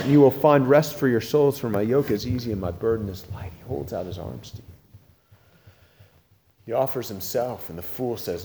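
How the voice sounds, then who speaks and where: A male preacher delivers a sermon in an earnest, urgent manner. His voice climbs loud when he presses a point, then drops low and hushed. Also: moderate pace, in a large hall, a little hiss or hum. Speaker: pastor.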